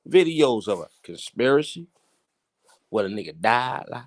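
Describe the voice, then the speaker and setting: A man hosts a loose current-events talk show. His pitch leaps all over the place as he teases, jokes and jumps from booming outbursts to quiet asides. His voice sits in an ordinary middle register. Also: moderate pace. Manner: animated, teasing, theatrical swings between loud and hushed. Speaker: host. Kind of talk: casual current-events commentary.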